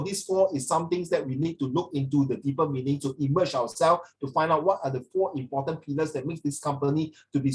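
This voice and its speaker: A man's voice: on the high side, a little mellow, rough recording. Playful male teacher. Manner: switches between English and Mandarin; playful, teasing. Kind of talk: casual classroom lesson.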